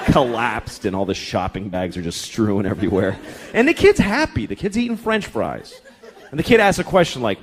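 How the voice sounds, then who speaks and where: A man's voice: high-pitched, brisk, slight background noise. A man doing a profane, exasperated stand-up rant on a live comedy stage. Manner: profane, exasperated, animated ranting. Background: faint audience laughter.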